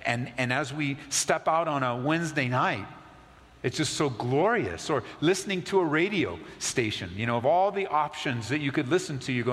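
A male pastor preaching a conversational sermon, dropping low and soft to stress key points. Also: expressive, normal speed, in a large hall.

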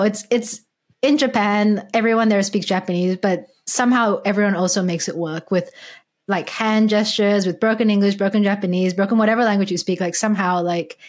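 A woman co-hosting a casual gaming podcast, spinning a story with lively, self-mocking energy. She laughs often and breaks off mid-sentence as she goes, with a voice of ordinary pitch. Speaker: podcast co-host.

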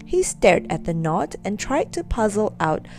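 A woman reading a children's story aloud, expressive and storytelling. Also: mid-range voice, a little slow, soft background music.

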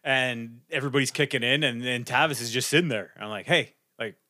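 A man's voice: medium pitch, a little fast, pushed and bright, dry recording, studio quality. A man, a comedian, chatting animatedly on a podcast, swearing freely and laughing a lot. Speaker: comedian and show producer, podcast co-host. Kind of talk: casual chat.

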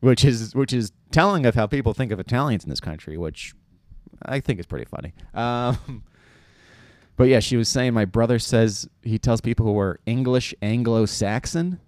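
A man's voice: mid-range voice, lively intonation, normal speed, darkish tone, no room sound. A young man from New York, rambling through a casual comedic monologue with lots of fillers and restarts. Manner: rambling, self-deprecating, many fillers and restarts.

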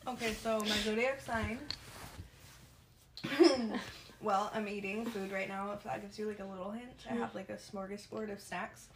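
A woman's voice: medium pitch, steady tone, normal speed, long pauses, noisy background. A young woman co-hosting a podcast in casual chat, giggly and self-deprecating, often trailing off. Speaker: podcast co-host.

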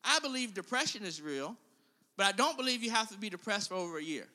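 A man's voice: high voice, lively intonation, fast, pushed and bright, big-room sound. A male preacher giving an impassioned sermon and calling out to his congregation. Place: church.

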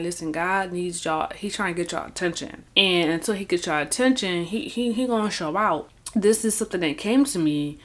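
A woman talking casually about her faith, rambling with lots of "you know" and "y'all", and acting out quotes with a lively voice. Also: on the low side. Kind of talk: casual faith talk to camera.

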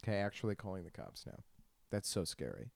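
Brief: young male podcast host, low voice, dry close sound, crude and giggly rambling. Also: sing-song, fairly quick, vocal fry, darkish tone, dry recording. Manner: crude, laughing, self-deprecating storytelling. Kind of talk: rambling solo podcast monologue.

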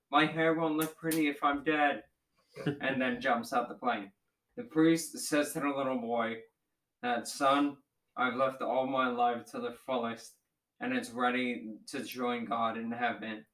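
Young man with a bright, echoey voice. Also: medium pitch. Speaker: podcast co-host. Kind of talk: telling a joke. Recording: echoey room, a bit far from the mic.

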